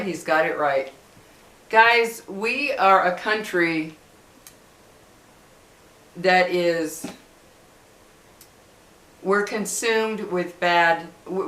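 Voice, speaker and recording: A middle-aged woman talks straight to her viewers in a casual vlog. She speaks with passion, circling back and repeating her points with emphasis. Her voice sits a little low, and the room around her gives it a clear echo. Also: pushed and bright. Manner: impassioned, repetitive, emphatic. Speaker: vlogger. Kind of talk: casual direct-to-camera talk. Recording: echoey room.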